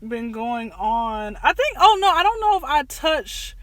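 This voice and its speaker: A woman in her twenties hosting a casual chat show, telling animated stories and acting out family dialogue. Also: sits high, unhurried, no room sound. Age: 20s. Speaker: podcast host.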